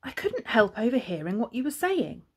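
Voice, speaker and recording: A woman's voice: fairly high pitch, big pitch swings, normal speed, slightly rough, pitched above the performer's own voice. A woman voicing a kind, polite male neighbour hedgehog in a storybook, sounding reassuring.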